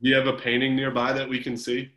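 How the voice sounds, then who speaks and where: Young male coach, middle pitch, teasing and upbeat, heard over a video call. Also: completely flat delivery, fast talker, fairly bright tone. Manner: encouraging, chatty, teasing. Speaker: swim coach. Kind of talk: casual group video call check-in.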